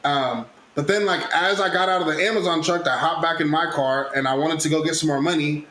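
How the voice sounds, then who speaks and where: A man hosting a podcast, telling a story in a casual, animated, profane way and loudly acting out the people in it. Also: a little high, fairly quick. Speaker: podcast host. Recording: echoey room with faint noise.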